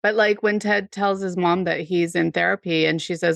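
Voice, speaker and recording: A woman's voice: fairly low pitch, steady tone, moderate pace, vocal fry, no room sound. A woman co-hosting a podcast, talking through a TV episode in a thoughtful, reflective way, often asking "right?". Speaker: podcast co-host. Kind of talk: casual discussion of a TV show.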